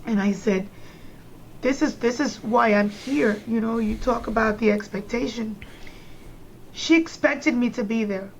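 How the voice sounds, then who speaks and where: A woman's voice: a little high, measured pace, a little hiss or hum. A middle-aged woman from New York, a podcast guest, telling a personal story with emphatic, repeated phrases. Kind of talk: emotional personal storytelling in conversation. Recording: slightly dull lo-fi sound.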